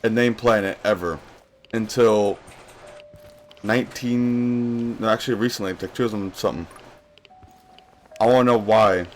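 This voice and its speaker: A man's voice: lowish voice, steady tone, unhurried, pauses often, faint music behind. A young man streaming a game live, rambling casually and answering questions from his chat as he plays.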